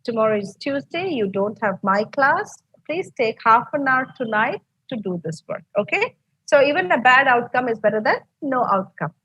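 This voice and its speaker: A woman with an Indian English accent leads an online English lesson, patient and encouraging, with a lot of fillers. Her voice sits a little high and sounds slightly husky. The recording is dry and close. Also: big pitch swings, normal speed, fairly bright tone, no echo, highs cut off. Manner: encouraging, explains step by step, many fillers. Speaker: English teacher. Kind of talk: online class lecture.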